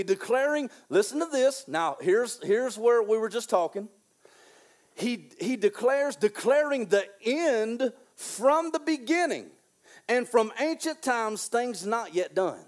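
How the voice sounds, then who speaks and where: Pumped-up preacher guy, pretty high voice, keeps repeating stuff and slowing way down on the big lines. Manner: animated and excitable, repeats phrases for emphasis, drawls key lines slowly. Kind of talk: sermon.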